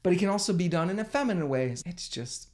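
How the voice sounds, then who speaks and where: A man hosts his own channel as a business coach, delivering an energetic, emphatic motivational talk to camera, swearing casually as he goes. His voice sits high and he speaks at a racing pace.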